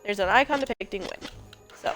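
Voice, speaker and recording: A woman's voice: mid-range voice, brisk, fairly bright tone, faint music behind, rough recording. A woman giving let's play commentary as a gaming host, chatty and jokey and rambling as she plays.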